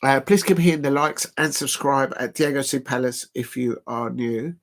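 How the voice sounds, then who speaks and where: Tired, gravelly-voiced man streaming football talk. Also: mid-range voice, fairly even intonation, moderate pace. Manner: rambling, full of "uh" fillers, reads quotes aloud. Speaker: football watch-along host. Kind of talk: casual live-stream commentary.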